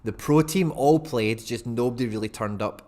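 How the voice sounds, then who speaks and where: A man's voice: mid-range voice, moderate pace, a little mellow. A man, chatting casually and rambling through a live stream, often laughing at himself. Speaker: fantasy football streamer.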